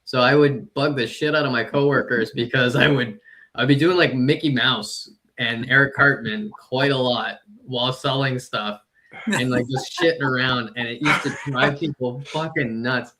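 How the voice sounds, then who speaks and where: Laughing storyteller comedian, plain voice. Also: male voice, medium pitch, fairly even intonation, moderate pace, noisy background. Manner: storytelling with frequent laughs, profane. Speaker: comedian and podcast co-host. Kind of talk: casual podcast banter.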